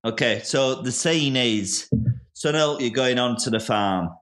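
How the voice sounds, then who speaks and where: A man hosting a comedy podcast, setting up an improv scene in a giggly, hurried way over a video call. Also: mid-range voice, fairly bright tone. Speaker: podcast host.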